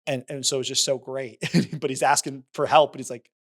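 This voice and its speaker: A man's voice: medium pitch, brisk. A man co-hosting a podcast, talking casually about a film and acting out lines from its scenes. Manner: animated, retells scenes with quoted lines. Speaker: podcast co-host.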